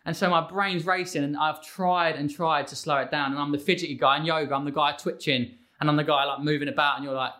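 A lively guest in his thirties, talking casually and slipping into little voices for his kids. His tone is bright and forceful, sitting slightly higher than most men. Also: fast, few pauses. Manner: animated, acts out his kids' voices. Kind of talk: casual conversation.

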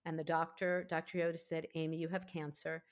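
A woman in her fifties, a podcast host, telling her own story in a candid, emphatic, animated way. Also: low voice, a little fast. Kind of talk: candid conversational interview.

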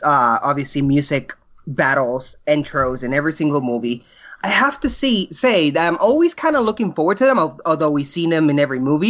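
A man's voice: fairly high pitch, a bit bright, highs cut off. A man co-hosting a casual movie chat, earnest and critical with firm opinions. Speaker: podcast co-host.

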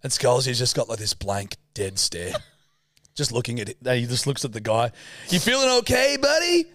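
A man's voice: mid-range voice, moderate pace, fairly bright tone, dry recording, studio quality. A man in his thirties with an Australian accent, telling a rowdy story in casual chat, swearing freely and acting out the voices of the people in it. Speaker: podcast co-host.

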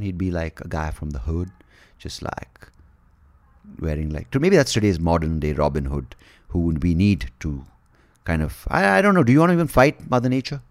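Male podcast host, solo monologue, rambling, jokey and profane, lively swooping delivery, slightly low voice. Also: no echo, clean studio sound. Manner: rambling, jokey and profane, spinning wild theories; slips into mock-dramatic storyteller narration.

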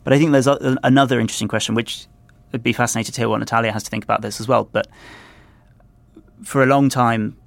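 A man speaking as a podcast commentator, thoughtful and halting, often repeating words. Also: mid-range voice, fairly even intonation, vocal fry, no room sound. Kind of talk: analytical podcast discussion.

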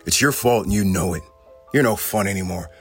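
A man voicing a big, mean goblin bully boy who shouts and growls. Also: low-pitched, fairly quick, soft background music. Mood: angry shouting. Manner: loud, shouting.

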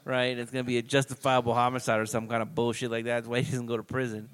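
A man's voice: medium pitch, level tone, fast talker. A man co-hosting, casually riffing on a movie, sarcastic and profane. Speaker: podcast co-host.

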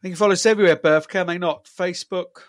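Steady in tone and quick in pace, his high-sitting voice comes through on a dry recording. He's a male co-host on a laid-back podcast who wanders through his points, restarting often and leaning on fillers.

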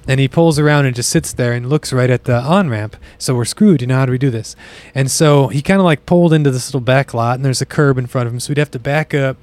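A man from the US South tells a road-trip story on a podcast in a relaxed, chatty way. His voice sits at a middle pitch. He jumps higher and louder whenever he acts out what other people said. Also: quick pace, hardly any pauses, no echo. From US South (Bible Belt). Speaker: podcast guest. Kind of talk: casual storytelling.

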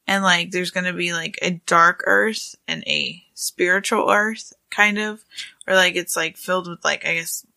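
A woman's voice: on the low side, fairly even intonation, a little slow, creaky, sharp tone, dry recording. A woman co-hosting a casual podcast, talking loosely with many fillers. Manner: filler-heavy, giggly, chatty. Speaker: podcast co-host. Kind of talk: casual chat.

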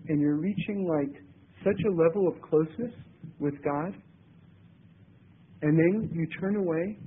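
High husky guy giving a spiritual talk, keeps restarting his words, tinny phone-ish audio. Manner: halting, repeats words and restarts. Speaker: religious teacher. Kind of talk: spiritual talk with personal stories.

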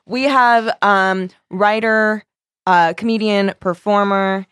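A woman's voice: medium pitch, steady tone, slow pace, fairly bright tone, clear, resonant tone, no room sound, studio quality. A woman co-hosting a comedy podcast, playful and teasing as she chats and laughs with guests. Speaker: podcast co-host. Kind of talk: casual comedic chat.

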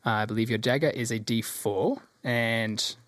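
A man narrating a tabletop role-playing game as game master, relaxed and full of fillers. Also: mid-range voice, moderate pace, no room sound, clean studio sound.

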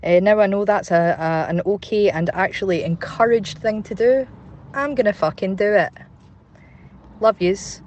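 A man's voice: high voice, moderate pace, darkish tone, highs cut off. A man with a Glasgow accent calling in with a chatty, candid voice message, recorded on a phone. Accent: Scottish, Glasgow. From Scotland. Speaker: caller. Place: in a parked car outdoors.

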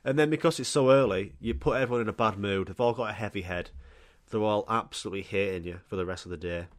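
A man, telling crude, animated comic stories as a podcast host and swearing freely. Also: on the low side, fast talker. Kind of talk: comic storytelling monologue.

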